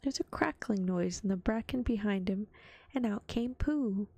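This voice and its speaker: A woman reading a children's storybook aloud in a gentle ASMR whisper. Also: medium pitch, moderate pace, gravelly, no echo. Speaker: vtuber storyteller.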